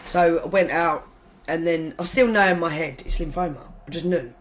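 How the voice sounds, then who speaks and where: A woman's voice: fairly low pitch, normal speed, low-quality recording. Frank, rambling woman. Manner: frank, rambling, with restarts and self-corrections; blunt humour, occasional swearing. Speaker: podcast guest. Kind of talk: casual spoken storytelling.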